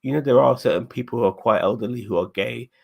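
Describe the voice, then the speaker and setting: A man's voice: medium pitch, vocal fry, husky. A man co-hosting a live review, talking emotionally and stumbling over restarts. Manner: emotional, halting with many restarts. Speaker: podcast co-host.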